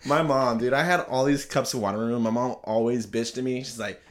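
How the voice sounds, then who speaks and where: A man's voice: medium pitch, fast talker. A young man telling a story in a casual chat, rambling, swearing and often laughing as he talks.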